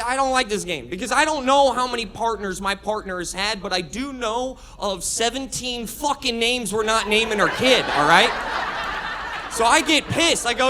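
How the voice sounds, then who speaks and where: A man in his thirties doing a stand-up comedy set, brash and building into shouted rants. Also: extremely high pitch, expressive, normal speed, slight background noise. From Florida. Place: comedy club stage with audience laughter.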